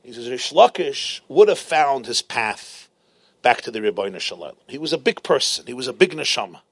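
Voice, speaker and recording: A man teaching a Talmud lesson as an animated storyteller, driving points home through repetition. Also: mid-range voice, no room sound. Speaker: Torah teacher.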